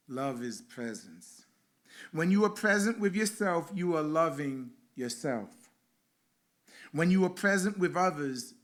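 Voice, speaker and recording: Slow, rhythmic lines and repeated phrases mark this male reverend's sermon and guided meditation at a spiritual center. His voice sits in the mid range.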